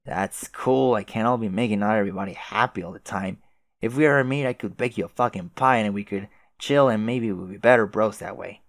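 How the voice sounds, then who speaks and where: A man voicing a laid-back, profane young male troll clown with a loud, easygoing drawl. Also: fairly low pitch, a little fast, dry recording, studio quality, natural voice.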